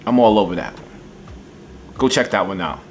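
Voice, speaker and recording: Enthusiastic male fragrance reviewer, casual and folksy, slightly low voice. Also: expressive, moderate pace, noisy background.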